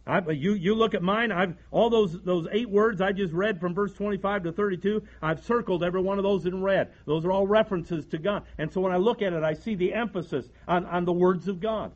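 A man's voice: sits high, brisk, few pauses, dull audio. A man, preaching a folksy sermon from the pulpit and often restarting his sentences. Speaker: pastor.

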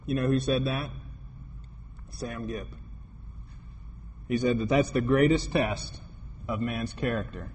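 A man's voice: medium pitch, fairly even intonation, slow, long pauses, a little mellow. Preaching man in an echoey hall. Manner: storytelling with quoted dialogue, rising to emphatic preaching. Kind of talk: sermon. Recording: long hall reverb, faint noise.

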